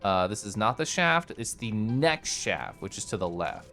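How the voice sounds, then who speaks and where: Brief: excitable streamer, lively swooping voice, mumbles then bursts out, game music under it. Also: medium pitch, moderate pace. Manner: chatty, excitable, reads chat aloud; swings from mumbled to loud bursts. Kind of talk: casual gameplay commentary.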